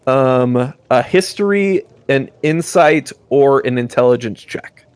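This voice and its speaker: A man's voice: mid-range voice, expressive, slow, smooth. A man running a tabletop game as game master, narrating with many ums and restarts. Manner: hesitant, filler-heavy narration with many restarts.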